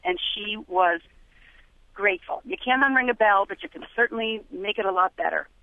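A woman's voice: medium pitch, brisk, dry recording. A woman calling in to a radio show, telling a story about herself in a candid, self-deprecating way. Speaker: caller. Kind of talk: phone-in storytelling. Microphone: telephone. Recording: tinny phone line.

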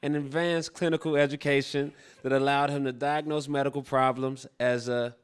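A man acting as guest clue-giver on a live quiz show, laid-back and quick to laugh. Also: mid-range voice, level tone, clean tone. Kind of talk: joking live game show banter.

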